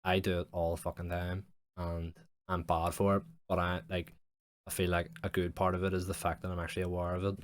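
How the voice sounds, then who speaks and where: A man's voice: low voice, completely flat delivery, fairly quick. A young man hosting a solo podcast, rambling frankly and reflectively about his feelings, with constant swearing and fillers. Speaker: podcast host. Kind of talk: casual solo podcast monologue.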